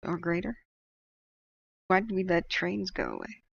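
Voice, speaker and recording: Gravelly low-voiced woman streamer. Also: sing-song, a little slow, no echo, highs cut off. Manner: opinionated, chatty, laughs often. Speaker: livestream host reading chat. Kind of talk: casual livestream chat.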